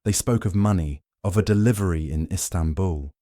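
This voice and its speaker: Picture a man doing a frightened train conductor in an audiobook. He answers in a hesitant, anxious way, in a low voice set a little higher than his narration, recorded dry and close. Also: moderate pace, dark tone, dry recording, lightly acted. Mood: fearful.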